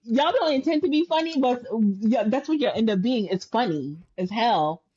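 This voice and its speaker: A woman's voice: a little high, moderate pace, highs cut off, a crowd in the background. A woman co-hosting a reality TV recap podcast, casually retelling scenes and quoting the cast. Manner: relaxed storytelling, retells scenes with quoted lines. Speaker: podcast co-host. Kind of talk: casual chat.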